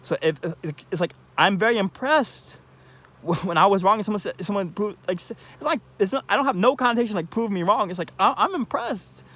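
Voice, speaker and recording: A man talking alone to the camera in a rambling monologue, restarting his sentences, laughing softly and often breaking off to say "I love you". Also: high-pitched. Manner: repeats "I love you" often, halting restarts, sudden soft asides; laughs briefly between thoughts. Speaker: vlogger.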